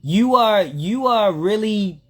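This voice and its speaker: Ведущий прямого эфира, мужчина, горячо и напористо комментирует, постоянно обращаясь к зрителям. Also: male voice, sits high, takes it slowly. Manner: animated, emphatic ranting with repeated asides to the listener. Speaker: livestream host. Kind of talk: heated commentary to live viewers.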